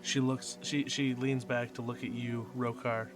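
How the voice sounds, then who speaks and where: A man's voice: medium pitch, level tone, measured pace. A man narrating a tabletop game as game master, describing scenes and addressing players by their characters. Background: background music.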